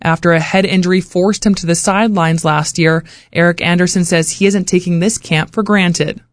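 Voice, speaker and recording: A woman reading radio news and weather in a measured, even announcing style. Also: lowish voice. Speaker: radio newsreader. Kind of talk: scripted news and weather read.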